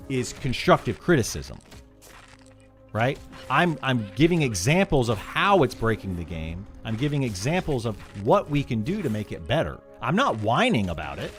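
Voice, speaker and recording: A man's voice: mid-range voice, big pitch swings, a little slow, fairly bright tone, faint music behind. A man live-streaming and answering chat, frank and opinionated, often restarting his sentences when heated. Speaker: game streamer.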